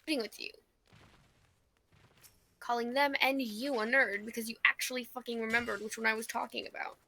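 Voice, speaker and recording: A woman's voice: a little high, steady tone, fairly quick, vocal fry, sharp tone. A woman bantering with her spouse during a game stream, teasing him and swearing freely. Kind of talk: casual banter.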